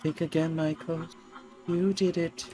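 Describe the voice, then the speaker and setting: A man reading as a hushed, accusing dead woman. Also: fairly high pitch, level tone, a little slow, faint music behind, voice pushed up, close to an everyday voice, low-quality recording. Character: haunting dead woman accusing her lover.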